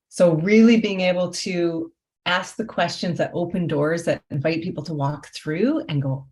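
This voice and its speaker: A woman's voice: on the low side, moderate pace, a little mellow. A woman life coach talking through her work in an interview, reflective, often posing rhetorical questions. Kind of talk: conversational interview.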